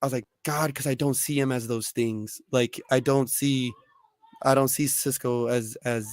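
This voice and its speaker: A man's voice: medium pitch, moderate pace, no echo. A young man chats on a podcast, full of energy as he tells stories and swears freely. His voice sits in a middle range. It is recorded close and dry, with little room sound. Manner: animated storyteller, swears freely. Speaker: podcast co-host. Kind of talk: casual chat.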